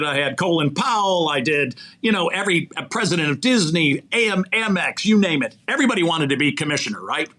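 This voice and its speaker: Male podcast guest, recruiter type, sermon-like motivational talk, lively swinging pitch, breathy edge. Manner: animated, preachy, asks rhetorical questions. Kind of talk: faith-centered motivational conversation.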